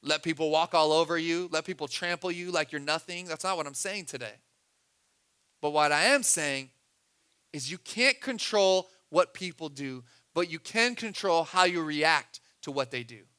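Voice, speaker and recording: A man preaching a sermon as a pastor. He swings between soft, low asides and loud, urgent pushes. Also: smooth.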